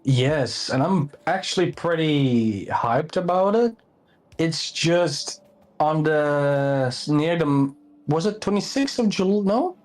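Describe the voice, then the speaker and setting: A man's voice: on the high side, animated, slow, darkish tone. A man from the Netherlands with a Dutch accent, telling a rambling anecdote on a live stream in casual chat.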